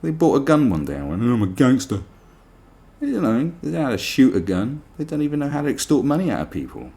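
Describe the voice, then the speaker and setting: Man, ranting monologue, sarcastic and cursing, gravelly voice, swooping lively pitch. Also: quick pace. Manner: sarcastic, profane, mocking. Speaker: podcast host.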